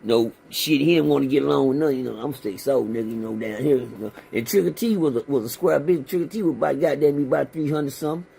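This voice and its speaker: A man's voice: mid-range voice, fast talker, vocal fry, few pauses, warm tone, a little hiss or hum. A man telling his prison stories in a blunt, profane, streetwise way, acting out the other men's lines as he goes. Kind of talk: profane storytelling in casual chat.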